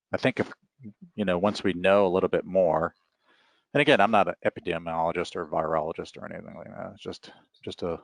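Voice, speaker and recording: A middle-aged man speaking as an author guest in a relaxed, rambling interview chat. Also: deep voice, no echo. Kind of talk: casual interview talk.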